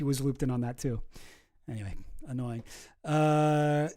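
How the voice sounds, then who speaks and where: A man's voice: on the high side, brisk, mellow. A man hosting casual online commentary, wry and sarcastic as he reads through documents.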